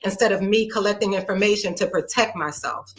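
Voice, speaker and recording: A woman speaking as a guest on a livestream, measured and composed while she defends herself. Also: mid-range voice, poor audio. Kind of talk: livestream conversation.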